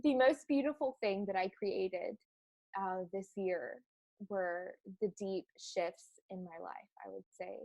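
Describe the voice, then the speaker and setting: A woman's voice: mid-range voice, measured pace, vocal fry, a little mellow, no room sound. A woman coach talking reflectively in a casual podcast chat, laughing often.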